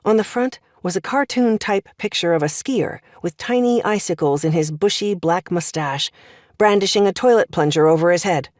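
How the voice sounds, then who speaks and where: A woman narrates a scripted audiobook in a measured, expressive storytelling style. Her voice is on the low side, and the recording is dry with studio quality.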